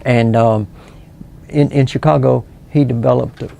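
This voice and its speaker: Gravelly older man, halting. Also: mid-range voice, steady tone, mellow, slight background noise. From South Carolina. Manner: slow, halting, many pauses and restarts. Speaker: local author and historian. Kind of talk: relaxed interview answers.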